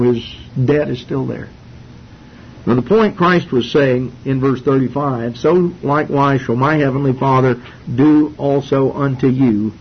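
A man teaching through a Bible passage in an informal, folksy way, with frequent fillers and restarts. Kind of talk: informal Bible study sermon. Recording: dull lo-fi recording with faint rumble.

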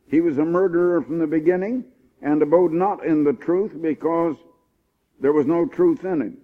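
Preacher man on a tinny old recording. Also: fairly high pitch. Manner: emphatic, rising on key points, slows for scripture. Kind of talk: sermon.

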